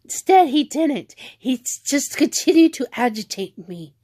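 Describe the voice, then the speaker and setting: A woman's voice: sits high, very animated, measured pace, dark tone, dry recording. A woman vlogger ranting at home in a rambling, frustrated way, often restarting her sentences. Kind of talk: venting rant vlog.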